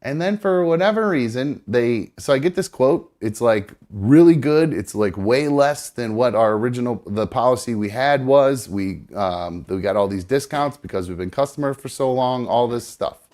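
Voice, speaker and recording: A man's voice: medium pitch, expressive, normal speed, few pauses, a little mellow. A man hosting a live show from a studio, telling a rambling personal story in casual chat. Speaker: podcast host.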